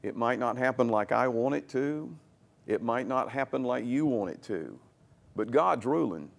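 Gravelly-voiced man preaching a folksy sermon. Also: medium pitch, animated, moderate pace. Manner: folksy, repeats words and restarts while he talks. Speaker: pastor. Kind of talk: conversational sermon.

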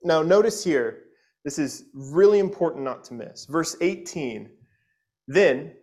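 A man preaching with earnest conviction, his voice sitting a touch higher than most men's. He stumbles into repeated words and keeps asking the congregation "right?", and he reads scripture aloud with feeling. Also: animated, measured pace, darkish tone. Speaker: pastor. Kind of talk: expository sermon.

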